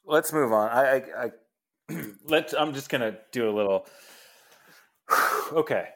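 A man's voice: mid-range voice, animated, unhurried, a bit bright. A man hosting a sports podcast in casual chat, often laughing and stumbling over his words. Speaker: podcast host. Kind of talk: casual chat, reading listener letters.

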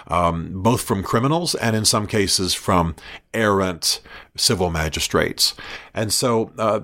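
A man with a low, deep voice hosts a podcast and lays out a subject in a measured spoken monologue. He pauses often with fillers and restarts his sentences, and he slows down deliberately when quoting a text. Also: a bit bright. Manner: measured, slows down to quote texts. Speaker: podcast host.

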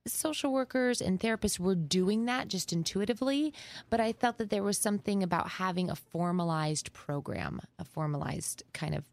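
A woman social worker speaking as a guest, measured and thoughtful as she explains her work. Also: medium pitch, creaky, no echo. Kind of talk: reflective interview talk.

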